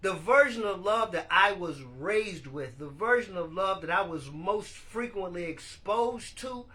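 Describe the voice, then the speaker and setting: A man hosting a casual live-stream podcast, animated and laughing as he talks to his viewers. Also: high voice, a little slow. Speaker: podcast host.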